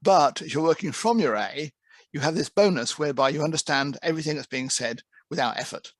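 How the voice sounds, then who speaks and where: This man, who heads an interpreting course, gives a conversational presentation to trainee interpreters. His voice sits on the high side and moves fairly quickly, with no echo, and he often repeats words when restarting a thought.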